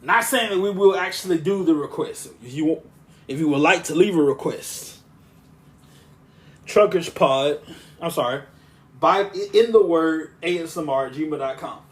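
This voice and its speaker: A podcast host with a slightly high, smooth voice that stays monotone and relaxing. He rambles casually, breaking off and restarting sentences as he goes. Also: normal speed. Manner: rambling, with frequent restarts and asides.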